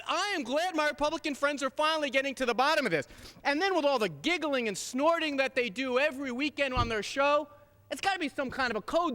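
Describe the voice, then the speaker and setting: A man's voice: very high voice, pushed and bright, long reverb tail. A man, a congressman, giving a sarcastic, mock-relieved floor speech in a legislative chamber.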